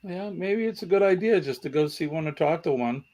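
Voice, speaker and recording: Chatty host with a Boston accent. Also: male voice, a little high, expressive, fairly quick, darkish tone. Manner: chatty, reads out viewer comments. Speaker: trivia show host. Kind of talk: casual livestream chat.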